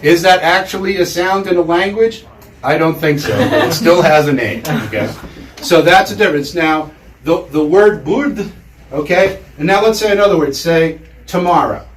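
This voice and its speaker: A man's voice: on the high side, moderate pace, a little hiss or hum. A man giving a casual lecture to a room of listeners, chatty and full of fillers, getting the audience to repeat words aloud. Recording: echoey room, mic far off.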